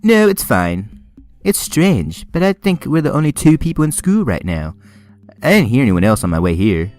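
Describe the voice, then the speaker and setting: A polite, delicate teen schoolgirl from a visual novel, as a man reading aloud puts her on. She speaks softly and primly, in a raised, lively voice. There is faint music in the background. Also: medium pitch, moderate pace, voice pushed up, close to an everyday voice. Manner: soft, prim and hesitant.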